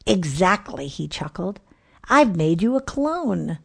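A jolly, wise old Santa in a storybook rhyme, chuckling and knowing, rather than booming, as a woman reader plays him. The voice is gravelly and unhurried, drawn out slowly. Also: very animated, full character voice. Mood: jovial. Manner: jovial, knowing.

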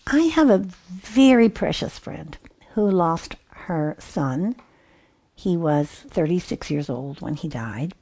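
A middle-aged woman with a fairly low, creaky, mellow, slightly rough voice hosts a Christian radio show from a studio. Her devotional talk is earnest and reflective, with many restarts.

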